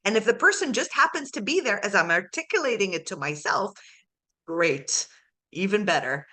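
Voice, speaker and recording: A woman's voice: mid-range voice, sing-song, moderate pace, sharp tone. A woman coaching a client one to one, acting out the client's inner dialogue and laughing often. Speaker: life coach. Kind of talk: coaching session.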